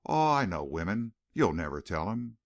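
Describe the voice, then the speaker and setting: A man's voice: sits low, very animated, moderate pace. A man voicing a burly, coarse cowboy ruffian who talks in a genial, leering drawl.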